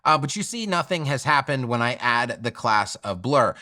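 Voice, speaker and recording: A man's voice: mid-range voice, lively intonation, normal speed, pushed and bright. Upbeat man teaching a web tutorial. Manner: upbeat, direct, repeats "okay?" for emphasis. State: voice still affected by recent illness. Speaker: web design instructor. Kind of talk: screen-share tutorial.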